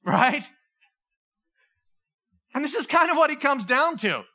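A man's voice: very high-pitched, unhurried, soft background music. A middle-aged male pastor preaching a sermon, telling stories with animation and acting out the voices of the people in them. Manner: animated storytelling, acts out voices.

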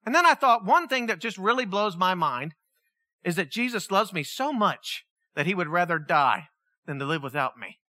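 Animated, bright-voiced preacher. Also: medium pitch, normal speed, dry recording, clean studio sound. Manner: storytelling, acts out the people in the story; asks the listeners many questions. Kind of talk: sermon.

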